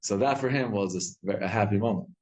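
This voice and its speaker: A man teaching a Torah class, telling stories with lively acted-out quotes and frequent restarts. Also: lowish voice, quick pace, rough recording. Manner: animated storytelling, acts out quotes, frequent restarts.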